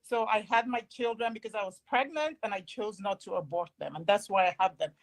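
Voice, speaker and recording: A woman's voice: mid-range voice, a little fast, poor audio. A woman in her forties, an interview guest, earnestly explaining her own choices. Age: 40s.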